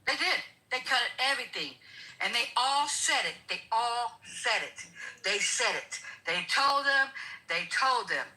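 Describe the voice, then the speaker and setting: A woman with a high, very bright voice delivers heated political talk. She preaches and repeats herself for emphasis. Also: lively intonation, a little slow, rough recording. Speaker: guest commentator.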